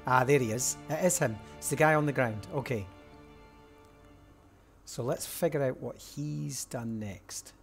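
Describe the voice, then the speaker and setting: Over background game music, a male let's-play host thinks out loud in a casual way while puzzling through clues. He speaks a little slowly in a gravelly, mid-range voice and pauses often.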